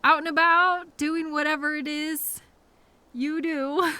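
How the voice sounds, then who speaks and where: A woman's voice: sits high, steady tone, takes it slowly, sharp tone, dry recording. A young woman performing a scripted audio role-play as a coworker who finds the listener in a blizzard, fussy and scolding, then apologetic, with quirky mild exclamations.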